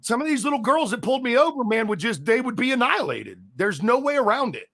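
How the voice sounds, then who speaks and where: A man talks in casual podcast banter and gives his opinions bluntly. He restarts his sentences often as he works toward his point. His voice sits fairly high. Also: big pitch swings, quick pace, a bit bright.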